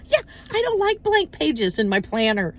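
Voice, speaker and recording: A woman with a fairly high voice rants casually into her phone while waiting outdoors, and she bounces from story to story, acting out little voices. Her delivery is animated and chatty. A faint outdoor hum sits under her voice. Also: normal speed. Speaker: vlogger. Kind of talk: casual chatty rant to camera. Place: outdoors, waiting in parked car area.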